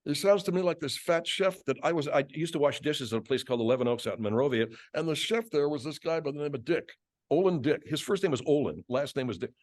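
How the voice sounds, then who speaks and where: A man's voice: on the high side, animated, quick pace, no room sound. A man, a guest voice actor, chatting thoughtfully in an interview and slipping into character voices. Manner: reflective, many restarts, slips in voices. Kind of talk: casual interview chat.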